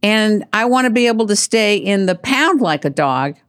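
A woman voicing a rabbit who earnestly insists it is a dog, in a storytelling aside, with a lively, swooping voice. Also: mid-range voice, moderate pace, clear, resonant tone, lightly acted. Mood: insistent.

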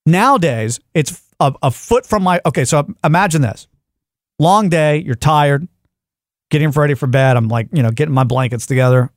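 A man's voice: on the high side, normal speed, dry recording, studio quality. A man hosting a podcast, telling a comic story in casual chat and acting out his frustration. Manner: animated storyteller, acts out yelling at devices. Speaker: podcast host.

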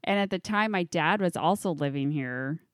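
A woman's voice: on the low side, normal speed, dry recording, clean studio sound. A middle-aged woman chatting casually, telling a story with lots of swearing and acted-out voices. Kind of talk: casual chat.

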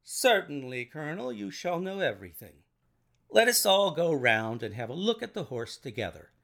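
A man voicing a calm, confident male detective in a storybook reading, speaking in a cool, unhurried, composed way. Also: fairly high pitch.

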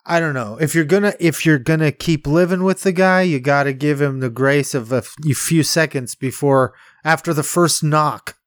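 Man, fairly high voice, casual movie chat, rambling, laughs a lot, dry recording. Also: normal speed, few pauses, smooth, dry recording. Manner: rambling, laughs often, acts out quotes. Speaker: podcast co-host.

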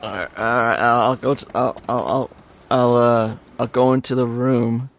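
A man's voice: mid-range voice, steady tone, moderate pace. A man playing a tabletop game, stammering and improvising his lines. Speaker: player.

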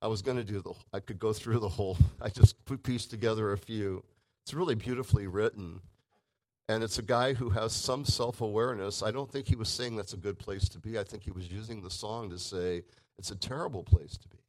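A man preaching a sermon in a conversational way, with emphatic swings between loud and soft. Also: fairly low pitch, brisk, poor audio.

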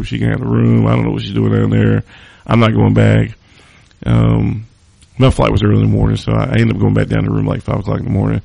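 Gravelly low-voiced man telling a story. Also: mellow, no room sound. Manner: loose and profane, heavy on fillers. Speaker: podcast host. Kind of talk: casual storytelling monologue. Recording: dry close studio sound.

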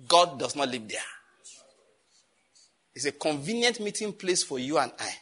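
A man preaching a sermon as pastor, animated and scolding, with jokes and sudden jumps in pitch. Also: normal speed, slightly rough.

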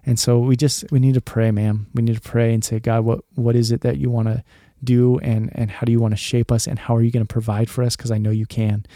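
A man's voice: mid-range voice, flat delivery, fairly quick, mellow, dry recording, clean studio sound. A man in his thirties hosting a faith podcast for dads, talking in an earnest, rambling way and dropping "man" often. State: choked up, emotional. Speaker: podcast host. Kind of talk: heartfelt podcast monologue.

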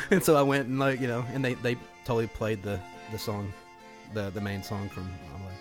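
A man's voice: medium pitch, big pitch swings, brisk, soft background music. A man, co-hosting a casual film podcast, telling stories with lots of laughter and restarts. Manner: chatty storyteller, laughs often, many restarts. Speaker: podcast co-host.

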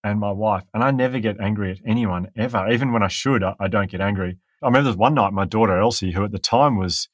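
Man, middle-aged, podcast guest, quick candid storytelling, lowish voice, close dry sound. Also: dry recording. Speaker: author guest. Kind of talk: podcast interview.

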